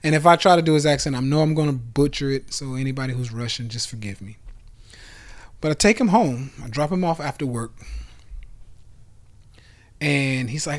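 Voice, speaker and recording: A man in his thirties hosting his own podcast, talking through a casual motivational monologue that jumps from loud bursts to low asides, with the odd curse. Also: normal speed, long pauses. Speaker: podcast host and investment club founder.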